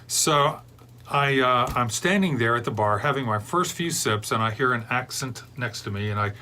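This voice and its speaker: A man's voice: medium pitch, lively intonation, normal speed, bright, forceful tone, a little hiss or hum. Digressive middle-aged man hosting a beer show. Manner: digressive, chatty storyteller. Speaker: beer reviewer, show host. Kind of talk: rambling casual chat.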